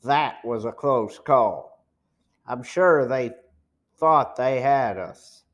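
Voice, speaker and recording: A man voicing a cautious teenage boy detective in an audiobook, speaking low and hushed. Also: drawn-out words, highs cut off. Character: tense teenage boy detective, older brother.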